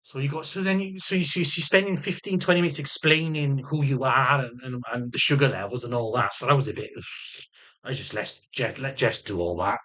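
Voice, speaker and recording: Here the middle-aged vlogger speaks a little fast, his mid-pitched voice slightly bright. His casual rant is thick with swearing and restarted, repeated phrases, with the odd impression of someone else's voice thrown in.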